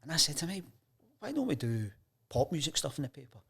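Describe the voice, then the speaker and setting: Scottish man telling lively anecdotes. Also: fairly high pitch, quick pace, slightly rough. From Scotland. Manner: lively anecdotes, acts out quoted voices. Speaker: guest, sports journalist. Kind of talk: casual storytelling interview.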